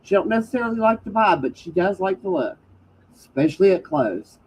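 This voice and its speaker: A woman's voice: medium pitch, animated, fairly quick, a little mellow, husky. A woman chatting casually, rambling and restarting her sentences. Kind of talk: casual chat. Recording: slightly dull stream audio.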